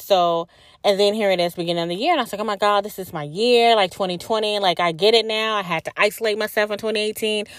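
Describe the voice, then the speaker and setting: This podcast host sounds worn out as she frankly recounts her spiritual journey in a casual, profane way, peppering it with plenty of "like"s. Her voice is lowish and the recording has no echo.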